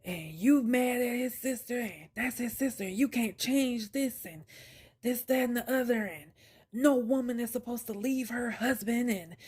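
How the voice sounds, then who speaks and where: A woman voicing her angry, domineering older father-in-law, yelling accusations. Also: fairly high pitch, breathy edge. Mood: scolding. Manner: yelling, scolding, rapid accusations.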